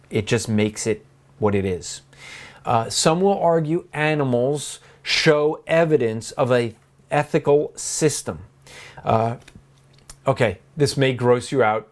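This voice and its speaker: Emphatic man lecturing a theology class. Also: fairly high pitch. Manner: emphatic, argumentative, with asides to the class. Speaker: theology teacher.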